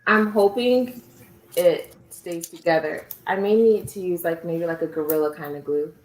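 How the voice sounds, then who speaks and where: A woman's voice: fairly low pitch, normal speed, echoey room, heavy background noise. A woman co-hosting a casual crafting livestream, talking cheerfully through her steps with lots of fillers.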